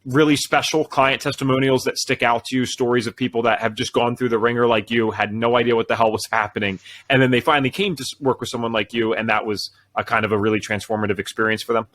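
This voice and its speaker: Fast-talking casual male podcast host. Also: medium pitch, fairly even intonation, fairly bright tone. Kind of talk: casual interview talk.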